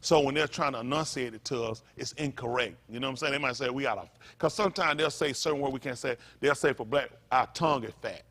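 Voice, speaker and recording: Preaching quickly with few pauses, this male pastor has a medium-pitched voice. His sermon is repetitive and emphatic, swelling into loud peaks.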